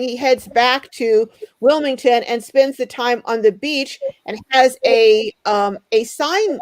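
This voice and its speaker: Chatty high-voiced woman hosting a live stream. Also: darkish tone, dry recording, rough recording. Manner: chatty, greets viewers by name. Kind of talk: live stream chat, reading viewer comments.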